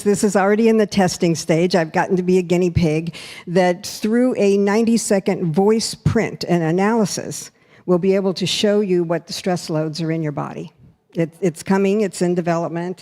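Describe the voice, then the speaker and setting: A woman's voice: fairly low pitch, mellow. Woman minister leading breathwork. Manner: demonstrative, coaching the congregation. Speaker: spiritual center minister. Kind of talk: guided breathwork talk.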